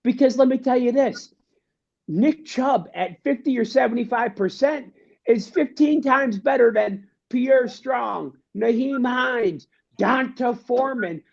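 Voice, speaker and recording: A man's voice: very high voice, unhurried, creaky. A man co-hosting a sports talk show, ranting in a fired-up way and repeating himself. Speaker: co-host. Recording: dull lo-fi sound.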